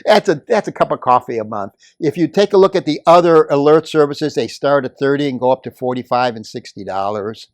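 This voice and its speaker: An older man speaking at a community meeting, telling a story and building to forceful, emphatic outbursts. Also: medium pitch, expressive, fairly quick, few pauses, dry recording, studio quality. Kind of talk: impassioned public comment.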